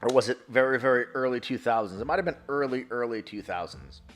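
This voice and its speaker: A man in his thirties, originally from New York, talks loosely on a live stream, rambling and swearing as he answers chat. He gets excitable, and his voice sits at an ordinary middle pitch. Faint music plays quietly underneath. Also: fast.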